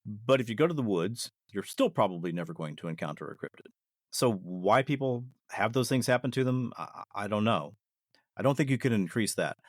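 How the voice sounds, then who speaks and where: Animated man telling stories. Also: fairly low pitch, a little fast, no echo, clean studio sound. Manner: animated, reflective, with frequent restarts. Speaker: podcast guest. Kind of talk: casual storytelling.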